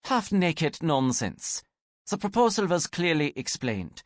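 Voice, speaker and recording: A man's voice: on the high side, very animated, measured pace, dry recording, pitched above the performer's own voice. A blunt young woman answers coolly, with a dry, dismissive edge, as a male audiobook narrator puts her on. Her voice sits raised and moves about freely, in a dry close recording. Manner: dry, matter-of-fact, sniffing. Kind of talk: audiobook character voice.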